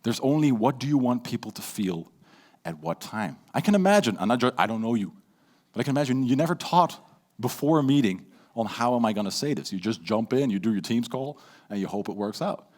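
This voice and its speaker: A man with a Dutch accent giving a lively stage talk on public speaking, playful and shifting between loud and hushed delivery. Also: mid-range voice, fairly quick. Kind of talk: live keynote talk with audience interaction.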